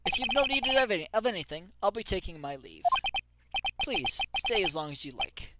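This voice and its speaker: A man's voice: high-pitched, big pitch swings, normal speed, very noisy. A man doing an overly polite bellboy. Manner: formal, says sir a lot. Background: loud game music.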